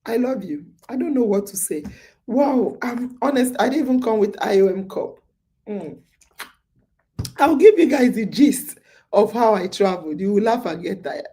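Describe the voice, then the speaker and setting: A woman's voice: a little high, expressive, moderate pace, warm tone. A woman hosting a casual podcast chat. She sounds sleepy and tells a long story, repeating her phrases with lots of fillers. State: sleepy, yawning. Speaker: podcast host. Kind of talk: casual live-stream chat.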